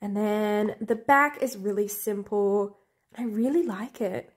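A young woman vlogger unboxing albums in a room at home, gasping and gushing, often dropping to breathy half-whispered squeals. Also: mid-range voice, slow pace. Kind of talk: excited unboxing chat.

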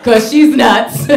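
Young woman doing standup, animated storyteller, laughs mid-line, roomy echoey club. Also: sits high, creaky. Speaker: stand-up comedian. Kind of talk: stand-up comedy set. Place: comedy club stage.

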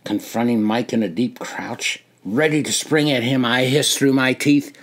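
An older man reading his own memoir aloud, slow and deliberate, rising for dramatic moments and dropping to a hush. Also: medium pitch, expressive. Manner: slow, deliberate storytelling with dramatic rises and hushed drops. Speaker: memoir narrator.

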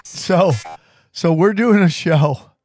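High-pitched, animated male podcast host. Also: takes it slowly, soft background music. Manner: animated storyteller, restarts often. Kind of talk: casual storytelling chat.

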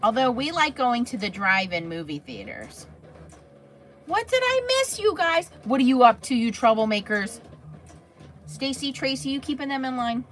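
Female craft-stream host, bright-ish higher voice, casual and chatty, replies to viewers' comments as she works. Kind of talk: casual livestream chat.

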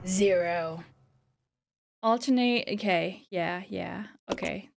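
A woman's voice: fairly high pitch, big pitch swings, measured pace. A woman streamer giving playful, chatty commentary as she plays a game. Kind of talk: casual gameplay commentary. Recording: voice with game music behind.

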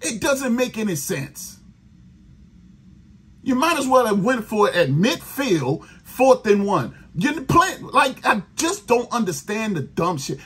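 Angry new guy cussing about his team, really raspy voice, pitch jumps all over. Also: very animated, slow pace, fairly bright tone. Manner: profane, exasperated ranting. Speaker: sports podcast host. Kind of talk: angry fan rant.

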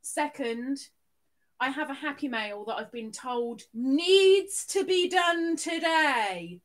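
High-voiced woman hosting a live stream. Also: animated, slow. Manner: chatty, greets viewers by name with loud bursts. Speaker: livestream host. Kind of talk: casual live-stream chat.

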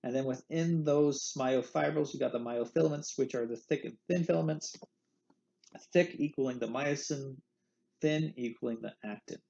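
A man's voice: mid-range voice, moderate pace, gravelly, warm tone, lo-fi sound. A man teaching an anatomy lecture in a playful way, repeating the key terms. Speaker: anatomy instructor. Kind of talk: recorded lecture.

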